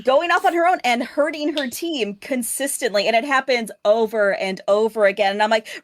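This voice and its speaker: A woman co-hosting a casual film discussion over a video call, animated, swearing freely and laughing often. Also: on the high side, brisk. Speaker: podcast co-host.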